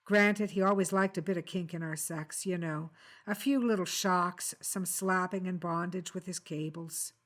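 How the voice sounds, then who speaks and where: A woman's voice: fairly low pitch, moderate pace, natural voice. A woman reading as a curt, guarded housewife. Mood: flat confession. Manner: terse, flat, reluctant replies. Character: guarded, cornered middle-aged housewife.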